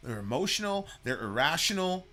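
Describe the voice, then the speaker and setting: A man's voice: a little high, a little fast. A man delivering a heated political rant, swearing freely and stumbling over restarts and fillers. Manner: animated, profane, many fillers and restarts.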